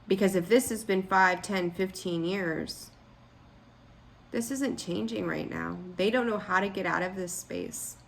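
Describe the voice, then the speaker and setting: A tarot reader with a mid-range, gravelly voice speaks a little slowly in a casual reading, blunt and frank as she scolds her listeners. She rambles and restarts her sentences, with a little hiss or hum in the background.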